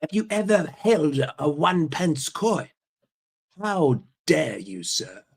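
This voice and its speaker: A man's voice: on the high side, very animated, slow, vocal fry, breathy edge, voice pushed up, heavily acted. A man putting on a huffy offended Brit. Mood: indignant.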